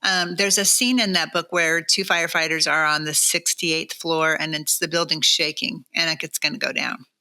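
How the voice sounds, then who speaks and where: A middle-aged woman, a novelist being interviewed, telling stories in an animated way and laughing often. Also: low-pitched, normal speed, few pauses. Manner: animated, laughs often, acts out quoted voices. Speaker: novelist guest. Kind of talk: conversational interview storytelling. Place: church studio.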